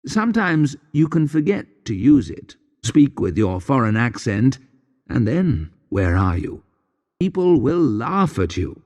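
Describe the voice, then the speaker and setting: A man narrating a graded English story in a measured, deliberate reading voice. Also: medium pitch, very animated, a little mellow, long reverb tail. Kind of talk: slow scripted story narration for learners.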